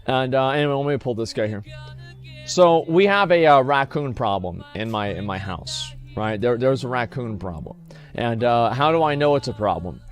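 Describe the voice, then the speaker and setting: A man's voice: medium pitch, animated, moderate pace, soft background music. A man telling a long story casually to his stream audience, rambling and swearing freely. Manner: rambling, profane, restarts and fillers.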